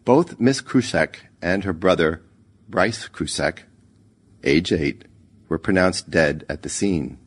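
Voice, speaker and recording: A man narrating a short story in a measured, expressive reading. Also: deep voice, husky.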